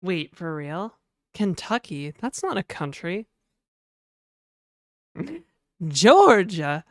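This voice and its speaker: Canadian woman, mild accent, lowish smooth voice, dry close sound, casual joking stream chat. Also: dry recording. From Canada (New Brunswick). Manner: chatty, joking, answers chat aloud. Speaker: streamer chatting with viewers.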